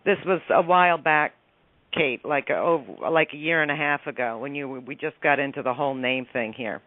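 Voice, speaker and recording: A woman's voice: deep voice, normal speed, no room sound. A woman calling in to a radio show, telling a story with energy and acting out each side of the dialogue. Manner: animated, acts out the dialogue of her story. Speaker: caller. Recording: tinny phone line.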